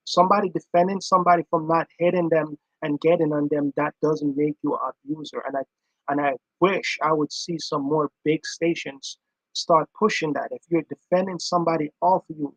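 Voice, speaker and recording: This man's casual reaction commentary is earnest and emphatic, and he keeps returning to restate his point. His pitch runs slightly high for a man, his intonation stays fairly even, and his pace is moderate. It's a low-quality, dry recording, close-miked with no room sound.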